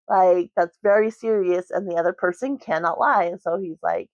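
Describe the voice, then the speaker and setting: A woman's voice: medium pitch, steady tone, moderate pace, dry recording. A woman vlogger chatting casually about a book at home, rambling with lots of "like" and "um". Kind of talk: casual book review chat. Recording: dry, slightly muffled recording.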